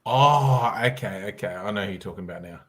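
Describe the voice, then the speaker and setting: Aussie guy ribbing his mates, bright sharp voice. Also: lowish voice, animated, fast talker. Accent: Australian. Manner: teasing, jokey, talks over the others. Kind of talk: casual chat.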